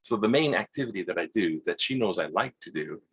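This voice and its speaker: A man with a Hawaiian accent telling a rambling personal story, halting, repeating words and acting out quotes in a husky voice. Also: low-pitched, lively intonation, fairly bright tone. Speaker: vlogger.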